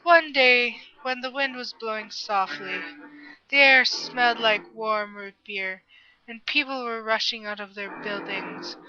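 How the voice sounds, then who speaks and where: A woman casually reading aloud a story she wrote, with a giggly, self-mocking manner. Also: mid-range voice. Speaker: reader of her own story. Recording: muffled lo-fi with music behind.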